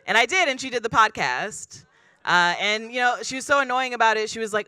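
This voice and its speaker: A woman doing stand-up comedy into a handheld mic, her voice high and very bright. The sound is close and dry, with little room around it. She delivers her jokes deadpan and self-deprecating. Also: a little fast, clear, resonant tone, dry recording. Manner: deadpan, self-deprecating, acts out quoted people. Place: comedy club stage.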